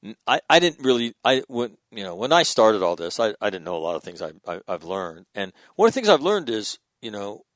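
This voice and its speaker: A middle-aged man in a casual podcast conversation, telling stories in a profane, animated way. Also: on the low side, brisk, hardly any pauses, no room sound.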